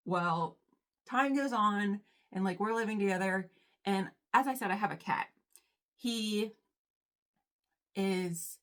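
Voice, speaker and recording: A woman's voice: medium pitch, fairly bright tone. A young woman talks loosely and conversationally, tossing in "like" constantly. She chats to her viewers as "y'all" at home while getting ready, casual and unscripted. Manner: chatty, heavy use of "like", addresses viewers as y'all. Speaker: vlogger. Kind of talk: casual storytime chat.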